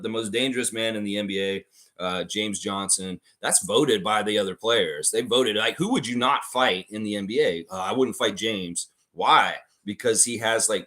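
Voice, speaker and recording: A man hosting a live trivia stream in a casual, excitable way, reading out chat names and answers. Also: lowish voice. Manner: excitable, breaks into loud whoops and laughs, reads chat names.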